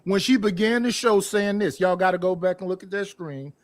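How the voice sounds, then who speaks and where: Man with a high voice, emphatic and teasing, dry close sound. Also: a little fast, no echo. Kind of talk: casual podcast debate.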